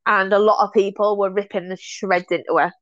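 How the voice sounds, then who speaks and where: A woman's voice: mid-range voice, fairly quick, dry recording. A woman, a guest in a casual conversation, telling stories with frequent laughs and restarted phrases. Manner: chatty, animated storyteller who laughs often and restarts phrases. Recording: dull, dry lo-fi sound.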